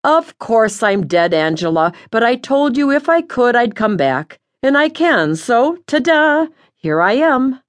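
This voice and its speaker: A woman's voice: fairly high pitch, big pitch swings, a little slow, few pauses, pitched above the performer's own voice. A woman voicing the scolding, blunt ghost of an older mother in an audiobook. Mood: cheery. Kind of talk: audiobook character voice.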